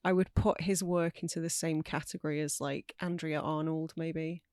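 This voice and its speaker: A woman's voice: low voice, steady tone, moderate pace, a little mellow, dry recording, clean studio sound. A woman from Northern England hosting a film podcast, chatty and teasing in casual talk. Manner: chatty, teasing, laughs easily. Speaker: podcast host. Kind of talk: casual film-discussion chat.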